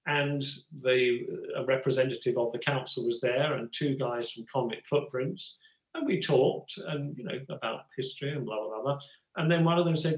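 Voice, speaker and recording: Casting: older English actor, chatty raconteur, mid-pitched, recorded with room echo. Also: male voice, normal speed. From England. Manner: rambling, full of "you know" asides. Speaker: guest actor and writer. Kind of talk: relaxed storytelling conversation.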